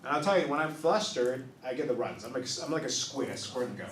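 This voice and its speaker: A non-native English speaker performs stand-up in a small improv club for a live crowd, telling stories and briefly voicing their characters. His medium-pitched voice is animated and fairly bright, sounding roomy and far from the mic with a little hiss or hum.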